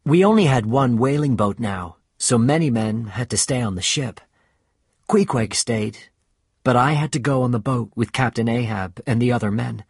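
A man reading a storybook aloud as narrator, slow and measured, with a husky voice. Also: mid-range voice, dry recording, studio quality.

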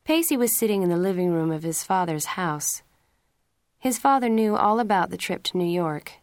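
A woman narrates a story in a steady, clear audiobook reading. Her voice sits on the low side. The sound is dry and close with no room echo. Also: moderate pace.

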